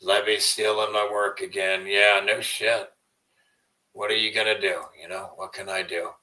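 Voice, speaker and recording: A man's voice: on the low side, little pitch movement, moderate pace, sharp tone, distant mic, rough recording. A man hosting a livestream in a rambling, profane way, often trailing off into mumbles. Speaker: livestream host. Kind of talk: casual livestream rant.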